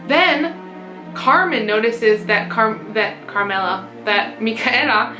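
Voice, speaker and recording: A woman's voice: a little high, expressive, slow pace. A young woman, a mezzo-soprano, giving a casual, chatty plot summary full of fillers and asides. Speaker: mezzo-soprano explaining an opera. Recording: roomy room with background music.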